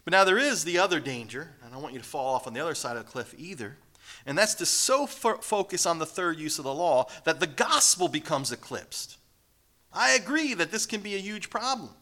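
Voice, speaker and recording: A man preaching a sermon in an emphatic way, swinging from raised declarations down to hushed, whispered lines. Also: on the high side, sing-song, brisk.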